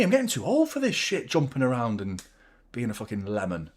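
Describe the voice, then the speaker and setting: Man, young adult, football watchalong host, casual stream chat, excitable, drained, swearing, mid-pitched. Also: brisk. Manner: swears freely, rambling and excitable, reads chat comments aloud.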